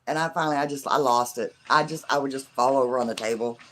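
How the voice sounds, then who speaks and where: A middle-aged live stream host with a scratchy, hoarse voice, chatting casually with viewers and rambling with lots of fillers. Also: mid-range voice, fast, fairly bright tone. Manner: rambling, chatty, many fillers like "you know". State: hoarse from laughing.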